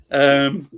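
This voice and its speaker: A man's voice: mid-range voice, fairly bright tone, clean tone. A man in his forties giving chatty live football watchalong commentary and bantering with his chat. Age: 40s. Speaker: streamer.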